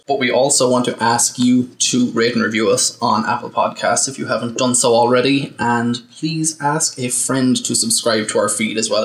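A man's voice: medium pitch, fairly bright tone, poor audio. Chatty man hosting a podcast. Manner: chatty, explains things at length. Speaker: podcast host. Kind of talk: casual podcast chat.

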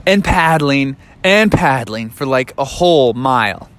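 A man's voice: mid-range voice, animated, a little slow, fairly bright tone. A man casually making up a bedtime story for children, playful and loose with surfer slang. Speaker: parent telling a story.

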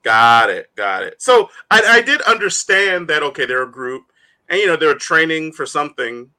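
A man's voice: a little high, big pitch swings, moderate pace, pushed and bright. A man hosting a casual comic book chat, teasing his co-hosts and laughing often. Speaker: host.

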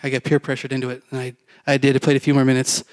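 A man's voice: mid-range voice, completely flat delivery, very fast, no echo. A man preaching a testimony, telling his story in a rambling, conversational way with fillers and acted-out quotes.

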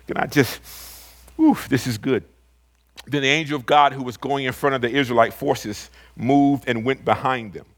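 A man preaching a sermon and reading scripture aloud, swinging from loud emphatic rises to low, quiet asides. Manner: reads scripture aloud slowly.

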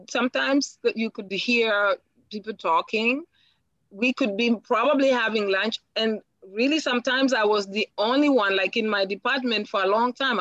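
Recorded with no room sound and the highs cut off, a woman from Africa speaks in a bright-ish voice on the higher side. She's a guest in a personal interview, sincere and contemplative, often repeating words as her thoughts form.

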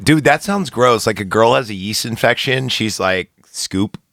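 A man's voice: mid-range voice, animated, normal speed, vocal fry, a bit bright, slight background noise. A man co-hosting a podcast, casually recapping a horror movie with crude jokes. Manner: crude, joking, quotes characters in bits. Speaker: podcast co-host.

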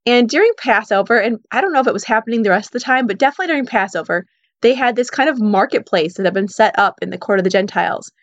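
Retelling a Bible story in a relaxed, conversational teaching, a woman with a fairly high-pitched voice peppers her speech with "you know" and "like." The sound is dull and dry.

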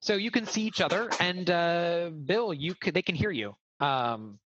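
A man's voice: sits high, expressive, normal speed, a bit bright, dry recording. Man running a tabletop game, muffled mic. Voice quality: hesitant, filler-heavy explaining. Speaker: game master.

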